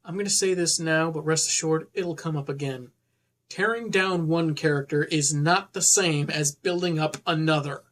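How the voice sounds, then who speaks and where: A woman's voice: sits low, moderate pace. A woman making snarky, exasperated comedic commentary on comic books. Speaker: comic book reviewer.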